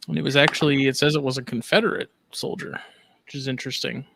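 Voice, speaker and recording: A man co-hosting a casual podcast chat, telling stories in an animated, musing way. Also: mid-range voice, fast talker, creaky, dry recording. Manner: animated storyteller, muses aloud. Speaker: podcast co-host.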